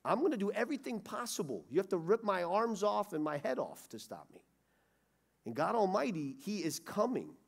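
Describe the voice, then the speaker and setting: A middle-aged man preaching a sermon, swinging from loud urgency to hushed pleading. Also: high-pitched, big pitch swings, a little fast, vocal fry. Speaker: pastor. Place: church sanctuary.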